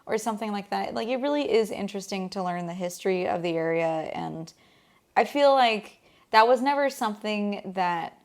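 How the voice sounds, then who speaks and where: A woman's voice: medium pitch, normal speed. A woman telling her husband about a recent outing in a casual chat, rambling and restarting as she goes. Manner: chatty, rambling storyteller with many restarts. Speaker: co-host.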